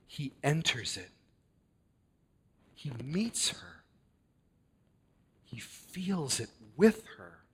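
A man preaching a sermon with earnest, deliberate delivery and dramatic emphasis. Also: a little high, fairly bright tone.

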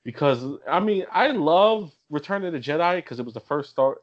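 Man, halting casual chat, repeats words, dull lo-fi audio. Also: on the high side, lively intonation. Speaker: podcast co-host.

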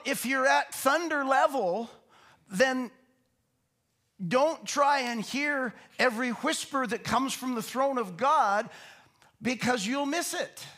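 A man's voice: extremely high pitch, a bit bright. A man preaching a Bible teaching sermon in a conversational way, asking rhetorical questions and repeating words as he explains. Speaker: pastor.

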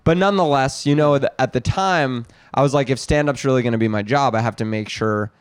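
A man's voice: mid-range voice, a little fast, clean tone, no room sound, clean studio sound. A man hosting a comedy podcast, telling a rambling, self-mocking story in casual chat.

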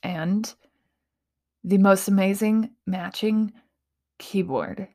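A woman hosts a casual motivational talk, playful and quick to laugh at herself, and often slips into breathy whispers. Her voice is medium-pitched with a darkish tone.

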